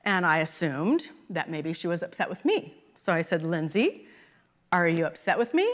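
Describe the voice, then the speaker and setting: A woman's voice: lowish voice, very animated, moderate pace. Woman minister preaching, conversational. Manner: conversational, laughs at her own stories. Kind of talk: sermon. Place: church sanctuary.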